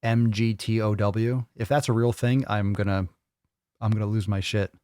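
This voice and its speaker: A man with a fairly low, warm, smooth voice hosts a live fitness Q&A at a moderate, steady pace. He reads viewer comments while chatting crudely, joking, and mocking other people's voices. It's recorded on a studio microphone with no echo.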